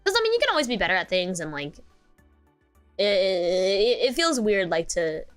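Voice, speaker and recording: A young woman chatting on a livestream. She rambles and giggles through her stories, leaning on filler words, at an ordinary pitch. Soft music plays faintly behind her. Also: very animated, normal speed. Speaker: VTuber streamer. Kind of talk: casual stream chat.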